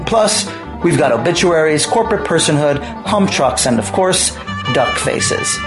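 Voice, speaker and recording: A man's voice: fairly high pitch, lively intonation, unhurried, music in the background. Wry man hosting a comedy radio show. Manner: dry, wry scripted banter. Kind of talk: scripted comedic radio intro.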